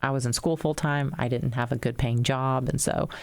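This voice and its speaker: Animated woman with a gravelly voice. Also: a bass voice, normal speed. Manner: animated storyteller, laughs often, mimics voices in anecdotes. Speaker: podcast co-host, wrestler. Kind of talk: casual chat.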